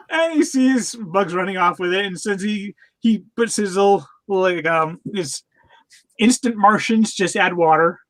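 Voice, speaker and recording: A man's voice: high-pitched, fairly even intonation, unhurried, fairly bright tone. A man co-hosting a podcast, casually recapping a cartoon with lots of fillers, restarts and laughter. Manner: rambling with many fillers and restarts, laughs often. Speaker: podcast co-host. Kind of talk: casual chat reviewing cartoons.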